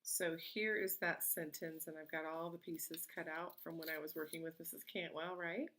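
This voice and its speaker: A woman teacher giving a slow, patient and encouraging lesson to young children from home. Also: sits low, fairly even intonation, fairly bright tone. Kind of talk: remote early-grade lesson.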